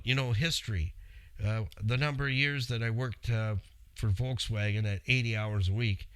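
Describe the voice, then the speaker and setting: A man's voice: mid-range voice, a bit bright, clear, resonant tone, no echo. A middle-aged man hosting a show, telling a long story in a rambling, chatty way and speaking straight to his listeners. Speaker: radio show host. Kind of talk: casual storytelling.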